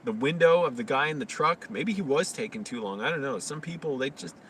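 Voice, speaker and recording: A man's voice: a little high, expressive, fairly quick, a bit bright. Rambling man on a live stream. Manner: rambling, loose talk full of fillers. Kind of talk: casual live-stream chat. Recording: slightly distant mic, faint noise.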